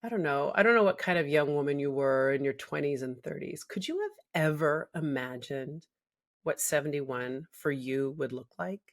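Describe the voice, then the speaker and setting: A woman's voice: deep voice, lively intonation, normal speed. A woman hosting a podcast, interviewing a guest in a playful, affectionate way and closing out the episode. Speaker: podcast host. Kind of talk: interview conversation.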